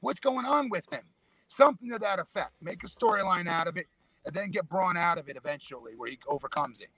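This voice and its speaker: A co-host on a casual wrestling podcast argues booking points emphatically and lectures his co-hosts. His voice is high-pitched, expressive, sharp and husky, and he talks fast. There's no echo, but the audio is poor.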